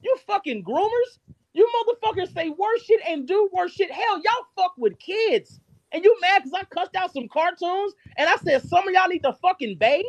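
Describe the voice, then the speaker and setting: A man hosting a live stream, ranting angrily and cursing constantly, his loudness jumping up and down. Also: extremely high pitch, expressive, normal speed, no room sound. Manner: heated, profane, cursing constantly; shifts abruptly between loud and quiet. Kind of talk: angry rant on a live stream.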